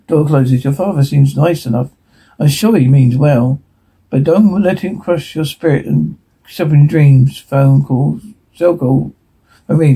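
A man reading a TV episode transcript aloud in a hurried way, stumbling and restarting words now and then. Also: on the high side, warm tone, slightly rough, low-quality recording. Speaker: reader.

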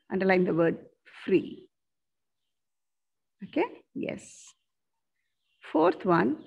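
A woman teacher, giving an online class from a school corridor, slowly repeating answers and spelling out words. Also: mid-range voice, vocal fry, darkish tone, slightly rough. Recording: dull lo-fi sound.

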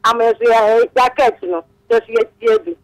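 A woman's voice: fairly high pitch, very animated, fairly quick, creaky, low-quality recording. A woman speaking as a caller on a church program, fervent and full of blessings.

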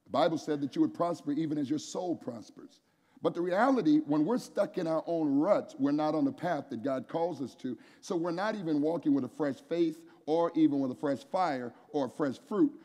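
A man preaching an energetic sermon at a men's conference, calling on the crowd to answer back and raise their hands. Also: on the high side. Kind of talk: energetic sermon with call-and-response. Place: large church hall with an audience. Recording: echoey hall, long reverb.

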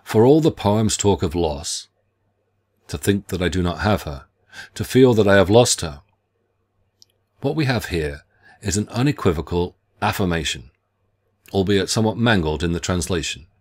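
A middle-aged man reading a scripted literature lecture in a measured, deliberate way, with careful phrasing. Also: sits low, animated, darkish tone.

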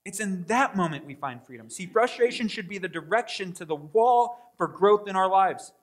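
A man preaching a sermon in a church, with a high, light voice. He keeps it conversational, talking straight to the congregation, then swings from loud, pressing stretches to quiet, soft asides. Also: expressive, moderate pace. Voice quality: tall speaker, says he is six five. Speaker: pastor. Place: church sanctuary.

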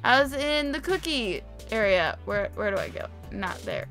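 A chatty woman gives casual gameplay commentary in a high, bright voice. She is excitable and quick to exclaim, with faint music playing behind her. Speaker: gamer, video host.

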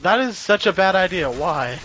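A young man chatting casually while gaming, excitable and swearing often, with quick complaints. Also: high voice. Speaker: gaming commentator.

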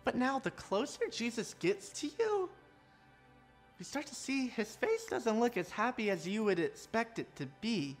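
A woman's voice: a little high, big pitch swings, unhurried, soft background music. A woman giving an online children's church sermon, telling the story animatedly and talking straight to the kids. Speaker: children's pastor.

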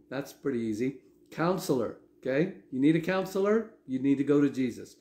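Male pastor, mid-pitched, talky sermon style with frequent check-ins, roomy echo. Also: animated, brisk, dark tone. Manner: conversational preaching with frequent "okay?" asides.

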